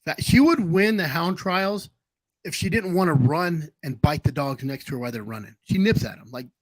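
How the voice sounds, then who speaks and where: A man's voice: a little high, lively intonation, normal speed, no room sound, low-quality recording. A man hosting a casual livestream chat, telling long rambling anecdotes. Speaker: livestream host.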